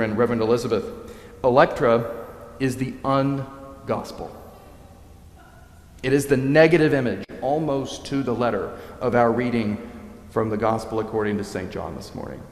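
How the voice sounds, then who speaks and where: Man, preacher, animated storytelling sermon, echoey hall with long reverb. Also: mid-range voice. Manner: animated storytelling, acting out quoted lines.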